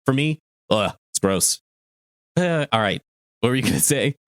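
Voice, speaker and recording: A man co-hosting a casual podcast with an animated, swinging delivery, his pitch leaping up and down as he talks. The recording is close and dry, with no room sound around him. He swears casually and slips into quick jokey impressions. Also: no echo. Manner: animated, swears casually, slips into jokey character voices when retelling scenes. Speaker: podcast co-host.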